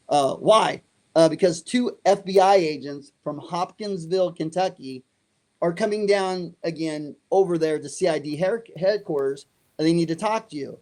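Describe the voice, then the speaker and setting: A man's voice: fairly high pitch, normal speed. A middle-aged man telling a story in an interview, acting out the other voices in it. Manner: animated, acts out dialogue. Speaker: guest.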